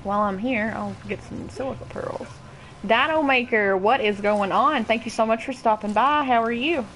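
A woman's voice: a little high, normal speed, a bit bright, slight background noise, rough recording. Woman, twenties, Kentucky accent, casual game streamer, profane, chatty. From Kentucky, USA. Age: 20s. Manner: profane, chatty, greets viewers by name. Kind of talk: casual gaming stream chat.

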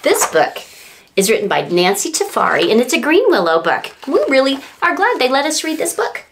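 A woman's voice: high-pitched, huge pitch swings, fairly quick, vocal fry, fairly bright tone. A woman librarian leading a story time for babies and toddlers, reading a picture book in a playful sing-song way. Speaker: children's librarian.

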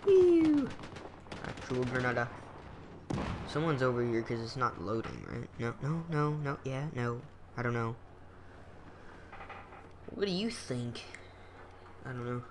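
A man's voice: medium pitch, a little slow, long pauses. A young man giving goofy, casual commentary over his own gameplay, talking to himself and humming sound effects. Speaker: gaming channel host. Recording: noisy game sounds behind voice. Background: gunfire and explosions from the game.

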